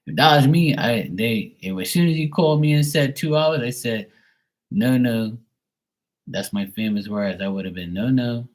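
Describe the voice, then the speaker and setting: A man reading tarot on a live stream, chatting bluntly to a viewer, swearing freely and getting animated when worked up. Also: mid-range voice, a little fast, few pauses, poor audio. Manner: blunt, swears often, talks straight to a viewer. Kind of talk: casual live-stream chat.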